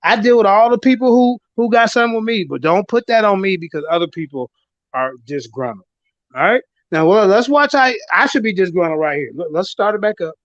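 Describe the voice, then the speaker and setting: Male host, high voice, deliberate delivery, dry and muffled sound. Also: lively intonation, no echo. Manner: deliberate, addresses the audience. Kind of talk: casual livestream talk. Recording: dull lo-fi audio.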